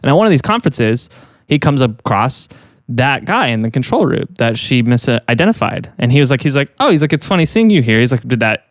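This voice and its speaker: A man's voice: mid-range voice, sing-song, fairly quick, dry recording, studio quality. A man co-hosting a podcast, telling a story in a casual, rambling way with lots of fillers. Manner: rambling, many fillers and acted quotes. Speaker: podcast co-host.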